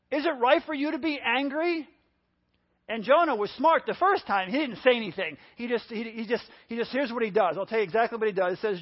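A man preaching a lively children's sermon, telling a Bible story and acting out its quotes with animated storytelling. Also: high voice, dull audio. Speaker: pastor.

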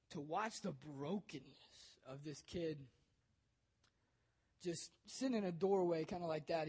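A man's voice: high-pitched, breathy edge. A young man, a youth pastor, telling an emotional personal story in a sermon, bold and conversational.

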